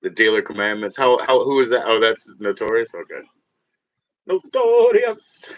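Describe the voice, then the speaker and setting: Male livestreamer with a lowish voice, loose and profane, chatting and laughing with viewers. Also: fairly quick, a bit bright, dry recording. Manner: rambling, profane, laughs often, talks to viewers. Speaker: livestream host. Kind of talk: casual livestream chat.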